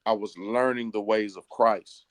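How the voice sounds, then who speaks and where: A man's voice: fairly low pitch, fairly even intonation, no echo, studio quality. Earnest man telling his testimony. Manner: earnest storytelling, slows down for key moments. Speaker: pastor. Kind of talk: personal testimony in an interview.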